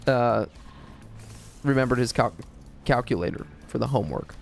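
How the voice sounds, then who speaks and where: A man from the United States streaming live and rambling through a profane, joking story. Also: medium pitch. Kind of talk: casual storytelling.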